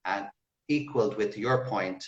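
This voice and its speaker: An Irish man with a deep, low voice speaks as an interview guest. He talks in a measured way and demonstrates pronunciations as he explains. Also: highs cut off. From Ireland. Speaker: guest language expert. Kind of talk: casual interview explaining accents.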